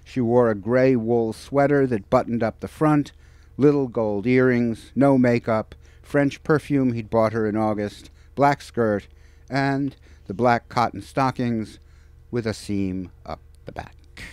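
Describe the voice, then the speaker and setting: Novelist reads his book aloud at a bookstore, measured delivery, dry close sound, middle pitch. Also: a little mellow, clear, resonant tone, no echo. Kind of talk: author reading from his novel. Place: bookstore event.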